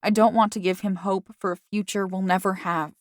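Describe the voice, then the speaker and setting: A woman's voice: medium pitch, fairly even intonation, fairly quick, no echo, clean studio sound, close to an everyday voice. A woman reading an audiobook, voicing a sad teenage girl who speaks with resigned sighs. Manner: sighing, resigned. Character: sad teenage girl giving up her boyfriend.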